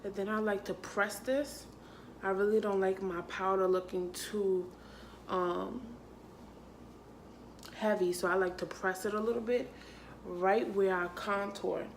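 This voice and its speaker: A woman's voice: mid-range voice, fairly even intonation, unhurried, gravelly, pauses often, a little hiss or hum. A young adult woman and makeup artist talking through a casual makeup tutorial, sassy and playful, calling her viewers honey and sis and laughing often. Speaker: makeup artist and beauty vlogger. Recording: echoey room.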